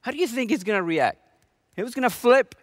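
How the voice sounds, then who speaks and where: A man's voice: very high voice, lively intonation, quick pace, a bit bright, no echo, studio quality. A man preaching a sermon with earnest energy and lots of rhetorical questions. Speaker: pastor.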